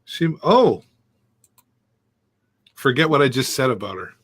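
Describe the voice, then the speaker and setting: A man's voice: medium pitch, very animated, a little slow, slightly rough. A man co-hosting a casual live-stream chat, easygoing and teasing, chuckling a lot. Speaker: co-host.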